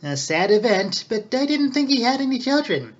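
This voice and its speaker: A man voicing a greedy, fawning old male record-keeper who talks in a slow, scheming way. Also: very high voice, big pitch swings, voice pushed up, exaggerated voice. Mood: cautious. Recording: dull lo-fi recording.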